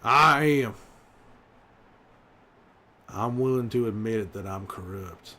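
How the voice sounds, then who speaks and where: A man playing a gruff middle-aged male survivor, bantering and swearing in an in-character livestream. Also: lowish voice, slow, bright, forceful tone. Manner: gruff, swearing, teasing chat. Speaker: streamer in character.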